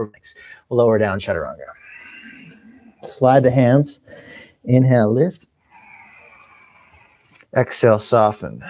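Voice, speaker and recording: A man guides a yoga class, calling out inhales and exhales and steering the students through each pose. He talks in an easygoing way at an ordinary pitch, with a small catch in his throat that keeps coming back. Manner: cueing breath and movement, relaxed with small apologies. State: clearing a tickle in his throat. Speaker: yoga teacher.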